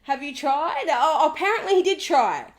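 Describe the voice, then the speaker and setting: A woman with a high, bright-pitched voice recaps a reality TV episode in a gossipy way. She is animated and sarcastic and keeps slipping into mimicry of the people she discusses. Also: normal speed.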